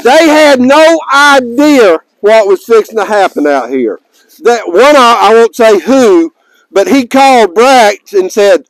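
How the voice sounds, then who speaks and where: High-voiced man addressing a crowd. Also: animated, takes it slowly, no room sound, poor audio. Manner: folksy and joking, raises his voice to carry. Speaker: tournament director addressing players. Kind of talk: outdoor announcement to a crowd. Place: outdoors in a park.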